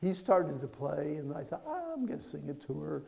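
Gravelly preacher telling a story. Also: male voice, a little high, very animated, moderate pace, rough recording. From Pennsylvania. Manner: storytelling, swings from hushed to loud and emphatic. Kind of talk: sermon with personal story.

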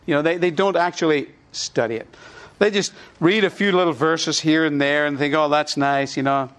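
A man's voice: fairly high pitch, normal speed, fairly bright tone, clear, resonant tone. Man preaching in a conversational tone. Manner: conversational teaching, repeats points for emphasis. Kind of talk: sermon.

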